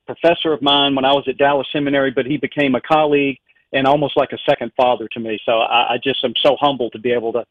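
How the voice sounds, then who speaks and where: A man's voice: on the high side, no room sound. A man with a Southern US accent, a guest professor speaking in a radio interview, self-deprecating and laughing often. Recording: tinny phone line.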